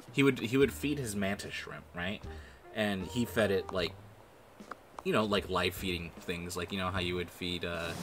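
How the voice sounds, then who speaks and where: Low-voiced man rambling over music. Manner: rambling, heavy swearing, many fillers. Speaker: gaming video creator. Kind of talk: casual gameplay commentary. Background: background music.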